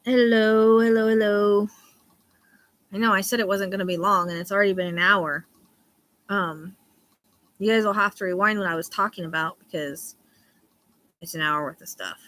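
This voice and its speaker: A woman's voice: medium pitch, steady tone, moderate pace, pauses often, fairly bright tone. A woman in her thirties chatting casually on a livestream, rambling and swearing now and then. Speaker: livestream host.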